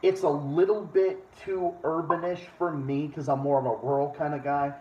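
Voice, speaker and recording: A man's voice: fairly high pitch, steady tone, moderate pace. Blunt New England man in an echoey room. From Massachusetts. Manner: blunt, rambling, swears casually. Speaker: streamer host. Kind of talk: casual chat. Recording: echoey room, dull sound, faint noise.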